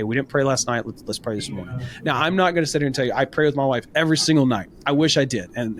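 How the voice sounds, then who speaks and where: A man's voice: medium pitch, a bit bright. A man co-hosting a men's faith podcast, talking in an earnest, encouraging way and telling stories from his experience. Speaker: podcast co-host. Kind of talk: casual faith podcast talk.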